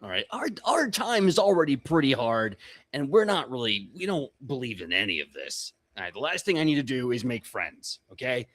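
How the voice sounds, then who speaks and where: Brief: man playing a tough female orc chief, blunt and confrontational, lively delivery. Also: medium pitch, normal speed. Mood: hostile. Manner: blunt, confrontational, snapping questions. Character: gruff, short-tempered female orc warrior chief.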